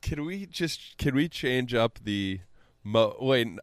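A man co-hosting a casual sports podcast, goofy and joking, sometimes dropping into low mock-serious tones. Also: lively intonation, slow, no echo, studio quality. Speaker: podcast co-host.

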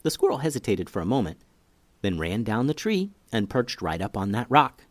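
Male kids' podcast narrator, lively delivery, dry close sound. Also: lowish voice, normal speed, no room sound. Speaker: podcast host and storyteller. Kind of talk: children's story narration.

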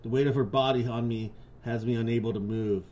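A man's voice: mid-range voice, fairly even intonation, brisk, a little mellow, a little hiss or hum. A man co-hosting a podcast, joking crudely and reading stories aloud. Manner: crude, joking, laughs a lot. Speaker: podcast co-host.

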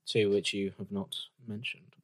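Homem brincalhão em conversa casual. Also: male voice, lowish voice, flat delivery, unhurried, dry recording. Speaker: podcast co-host reviewing albums. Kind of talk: casual chat.

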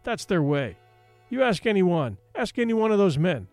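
A man's voice: high-pitched, big pitch swings, normal speed, darkish tone, no room sound, soft background music. A man voicing an arrogant, short-tempered young man who speaks curtly and with a sneer. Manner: curt and sneering.

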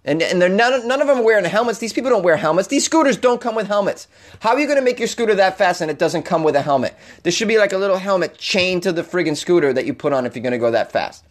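A man with an American accent hosting a comedy podcast, ranting in an animated, jokey way with casual swearing. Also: sits high, fast.

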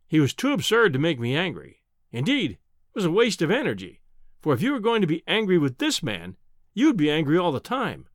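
A man narrating a classic adventure novel in an expressive, measured storytelling manner. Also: on the high side, no room sound, studio quality. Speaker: audiobook narrator. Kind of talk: scripted narration.

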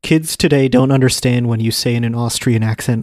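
A man's voice: medium pitch, fairly even intonation, brisk, a little mellow, dry recording. A man co-hosting a podcast, making dry, wry remarks in casual chat. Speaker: podcast co-host.

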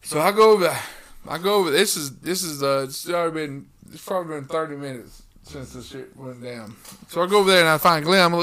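A man's voice: on the high side, fast. A man in casual chat, telling a profane workplace story with lots of quoted back-and-forth. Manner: lively retelling, rambling with restarts.

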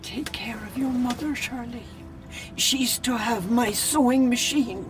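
An actress playing a frightened, frail elderly grandmother in a radio drama reconstruction, speaking in a trembling, breathy voice. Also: high voice, sing-song, unhurried. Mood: weak whisper.

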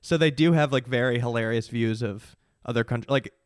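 A man's voice: mid-range voice, no room sound, studio quality. A man co-hosting a podcast in loose, joking casual chat. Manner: loose, joking, quick to riff. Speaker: podcast co-host.

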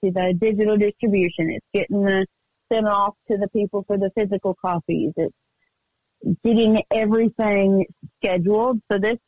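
A chatty woman guest with a mid-pitched voice tells stories in an upbeat, quick way. The sound is dry and close, with slightly dull, muffled highs. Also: steady tone, husky, dry recording. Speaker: guest singer-songwriter. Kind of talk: casual radio interview chat. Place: remote call from home studio.

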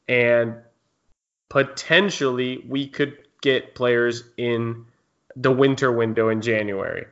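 Man, podcast host, casual conversational, middle pitch, dull lo-fi recording. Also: a bit bright. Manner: conversational, reads listener questions. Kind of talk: casual sports podcast chat.

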